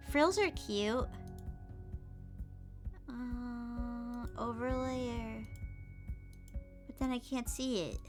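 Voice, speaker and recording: A young woman streaming a game, chatting playfully and gushing over cute outfits, sometimes dropping to soft whispers. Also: fairly high pitch, very slow, long pauses. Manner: slips into soft whispers and mutters. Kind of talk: casual gameplay commentary. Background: game music.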